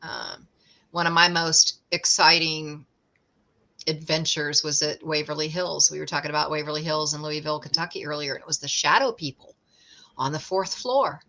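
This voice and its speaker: This middle-aged guest speaks in a deep, steady voice that's also bright and forceful. She owns a ghost tour and, in casual conversation, tells stories chattily while joking freely.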